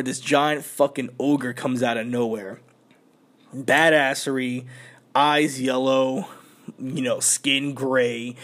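A man on a podcast, excitedly recapping an anime episode in slangy, profane casual talk with lots of filler words. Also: mid-range voice. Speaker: podcast host.

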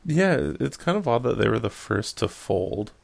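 A man's voice: mid-range voice, sing-song, moderate pace, vocal fry. A young man co-hosting a podcast, rambling and making crude jokes with lots of fillers. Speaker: podcast co-host. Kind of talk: casual podcast chat.

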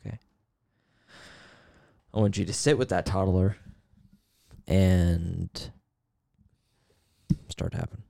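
A man's voice: low-pitched, steady tone, slow pace, vocal fry, long pauses, warm tone, dry recording, studio quality. A man co-hosting a podcast, candidly recounting a personal experience in casual conversation. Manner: candid storytelling about therapy, earnest. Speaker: podcast co-host.

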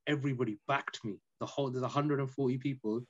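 Man, podcast guest, storytelling, emphatic and chatty, mid-low voice, lo-fi dull recording. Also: fast talker. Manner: animated, emphatic, peppered with "innit" and "you know". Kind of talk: casual storytelling chat.

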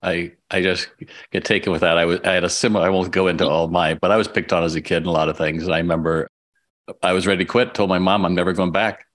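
Man, sixties, interview host, low voice, conversational and reflective. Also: flat delivery, quick pace, a bit bright. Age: 60s. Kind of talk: casual interview chat.

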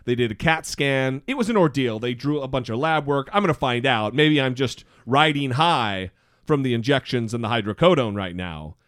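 Podcast co-host, male, hoarse, animated and profane, dry close mic. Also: mid-range voice, moderate pace, dry recording. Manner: animated storytelling, swearing freely. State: hoarse voice from a throat illness. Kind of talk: casual chat.

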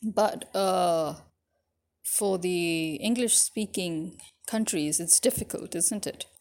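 A woman's voice: fairly low pitch, takes it slowly, darkish tone. A woman vlogger talking casually to her viewers, musing aloud and asking them questions. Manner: chatty, musing, asks the audience.

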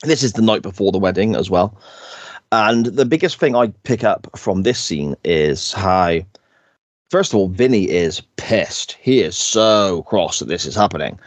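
A low-pitched man talks through a TV episode on a podcast, chatty and prone to laughing. The sound is close and dry, with no room around it. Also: animated, unhurried, no room sound. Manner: chatty storyteller, laughs often. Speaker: podcast co-host. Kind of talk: casual episode recap chat.

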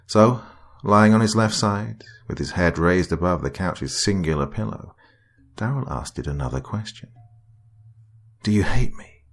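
A man reading a horror story as narrator in a slow, dramatic storytelling manner. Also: low voice.

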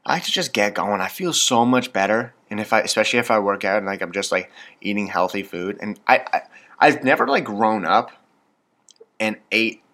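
A man's voice: on the low side, normal speed, sharp tone. A man in his twenties with a Canadian accent, hosting a casual solo podcast, rambling and self-deprecating with lots of fillers. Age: 20s. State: hyped up on coffee. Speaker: podcast host.

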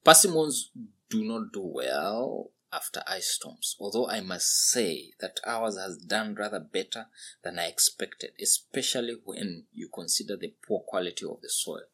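A man voicing a kindly old man, chatting gently and with delight. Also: fairly low pitch, expressive, normal speed. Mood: chatty.

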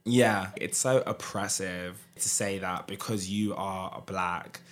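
A young man with a Southern English accent and a lowish voice, talking on a podcast. He lays out his ideas earnestly, building each point with care. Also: fairly even intonation, slow pace, fairly bright tone. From England. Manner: earnest, explanatory. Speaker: podcast guest. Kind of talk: casual podcast discussion.

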